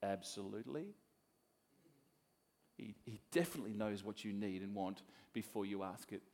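A middle-aged man from Australia preaching a sermon as a pastor, swinging between soft asides and loud emphasis. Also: fairly low pitch, normal speed.

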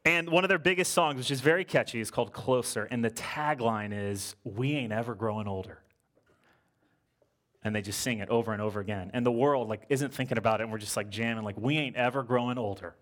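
A man preaching a sermon in a lively, conversational way, joking with the congregation and slowing down to stress scripture quotes. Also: medium pitch. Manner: lively, conversational preaching with casual slang and jokes; slows and stresses when quoting scripture. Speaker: pastor.

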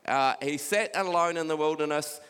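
New pastor preaching in a hall. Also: male voice, a little high, normal speed. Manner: conversational, warm preaching with scripture readings. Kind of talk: sermon. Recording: live hall with long reverb.

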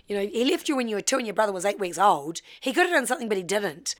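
A woman, telling her life story in a candid, heartfelt way with halting restarts. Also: mid-range voice, sing-song, soft background music. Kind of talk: personal storytelling.

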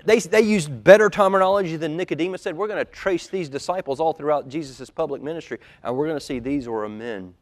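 Male pastor, sermon delivery; hushed low quotes that build to loud emphatic peaks, church auditorium. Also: fast talker, few pauses. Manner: acts out quoted lines in a dropped, quiet voice.

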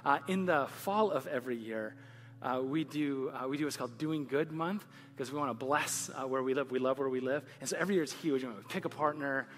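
A man's voice: mid-range voice, fairly quick, fairly bright tone. A man preaching a conversational sermon as a pastor on a church stage, often laughing and building to emphatic points. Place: church stage with live audience.

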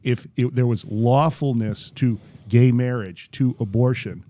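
Measured, lecturing podcast guest man. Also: mid-range voice, dark tone. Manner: measured, lecturing, lays out arguments step by step. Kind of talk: casual political chat.

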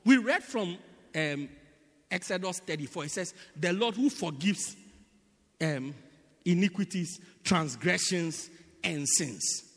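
A man with a very high, lively voice preaches a teaching sermon, his pitch leaping around as he explains and keeps asking whether the congregation follows. His tone is bright and sharp. The long reverb of a church hall trails behind every phrase. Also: unhurried. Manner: teaching, repeatedly asking the congregation "do you get it?"; animated, swinging between loud bursts and quiet asides.

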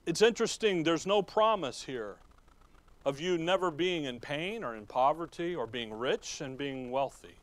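Folksy preacher, high voice. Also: male voice, lively intonation, moderate pace. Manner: folksy, asks the congregation questions and chuckles. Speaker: pastor. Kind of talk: sermon.

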